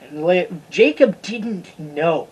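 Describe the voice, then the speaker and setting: A Bible study teacher giving a casual, informal lesson, chatty and stumbling over hard names, with a husky voice. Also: medium pitch, lively intonation, slow pace, darkish tone, poor audio.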